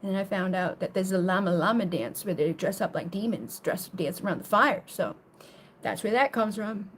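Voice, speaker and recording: A woman's voice: medium pitch, normal speed, a little hiss or hum. A woman reading tarot on a casual live stream, rambling with lots of swearing, laughter and playful silly riffs on words. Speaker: tarot reader.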